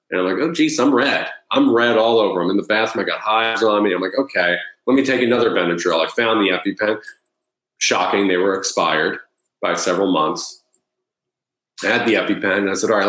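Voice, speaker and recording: A man's voice: low-pitched, fairly bright tone, echoey room, low-quality recording. A man telling a personal story at length. He rambles, repeats words and acts out his own past thoughts. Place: Los Angeles.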